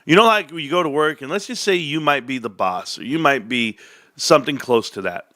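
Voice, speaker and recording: A man's voice: fairly high pitch, animated, brisk, pushed and bright, dry recording, clean studio sound. A man in his forties rambling and joking to his viewers in a casual rant. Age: 40s. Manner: rambling, joking, tangent-prone. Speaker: stock market vlogger.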